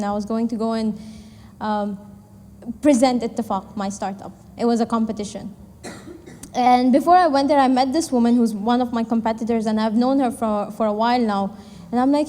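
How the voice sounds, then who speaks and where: A young woman in her twenties gives a candid, rambling talk to an audience, full of fillers and acted-out conversations. Her voice sits a little high. The sound rings with the long reverb of a large hall. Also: dark tone. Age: 20s. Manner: candid, chatty, many fillers, acts out quoted dialogue. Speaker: startup founder and event speaker. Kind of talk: personal story speech to an audience. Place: event hall.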